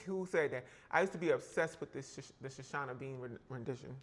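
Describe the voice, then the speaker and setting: A man's voice: mid-range voice, brisk. A man from South Carolina, chatting playfully and sassily with viewers while baking live in his kitchen. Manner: chatty, playful, reacts to chat with sassy exclamations. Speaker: live-stream baking host. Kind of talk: casual live-stream chat while baking. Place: home kitchen.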